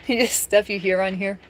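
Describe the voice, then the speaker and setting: A woman chatting casually on a live stream from home, talking straight to viewers and laughing often. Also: mid-range voice.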